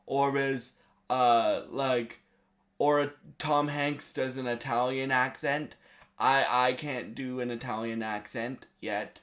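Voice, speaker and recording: A man reviewing a movie in a casual video, eager and halting, with many restarts and fillers. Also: mid-range voice, flat delivery, fairly bright tone.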